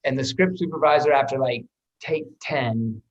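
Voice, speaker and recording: A male actor on a podcast spins stories from the set in a lively, unguarded manner, dropping curses and tripping over his own restarts. His voice sits at an ordinary middle pitch. The sound is a little dull and lo-fi. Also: moderate pace. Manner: lively storyteller, swears freely, repeats words while restarting. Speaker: actor guest. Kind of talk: animated anecdote telling.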